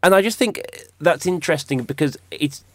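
A man's voice: fairly high pitch, a little fast, fairly bright tone, dry recording. A man presenting topics on a studio radio show in a conversational, wry way. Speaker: radio host. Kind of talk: casual studio discussion. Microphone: studio microphone.

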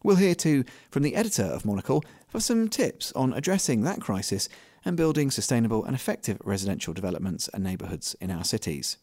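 A male host introduces the panel and asks questions in a crisp, formal manner. His pitch moves a lot. The studio sound is dry. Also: sing-song, quick pace, darkish tone, no echo. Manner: crisp, formal presenter delivery. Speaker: radio host. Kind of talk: scripted introduction and interview questions.

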